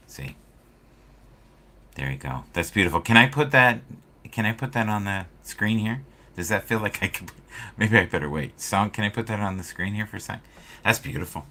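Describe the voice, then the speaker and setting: A man hosting a casual spiritual chat stream, telling stories and acting out quoted people with big swings in loudness. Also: on the low side, moderate pace. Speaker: livestream host.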